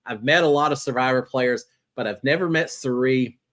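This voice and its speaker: A man hosting a live reality-TV chat show, answering viewer questions in a chatty, animated way. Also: mid-range voice, normal speed. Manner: chatty and animated, jumping between topics.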